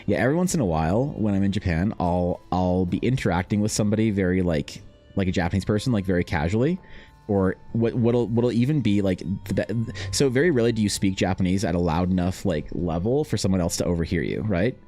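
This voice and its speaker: A man's voice: low-pitched, fast, dark tone, faint music behind. A man chatting casually while drawing on a stream, telling rambling, profane stories with many restarts. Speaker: artist streamer.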